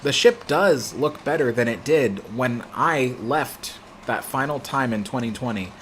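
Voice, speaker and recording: Young man, stream host, mid-pitched, lively storyteller, casual chat. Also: measured pace, a little hiss or hum. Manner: animated anecdote telling.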